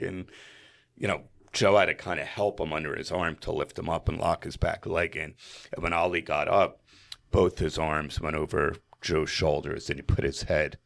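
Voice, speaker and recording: A man from New Jersey, a podcast guest, telling a story in earnest, animated style with frequent fillers. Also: a bass voice, vocal fry. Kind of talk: emotional storytelling in conversation.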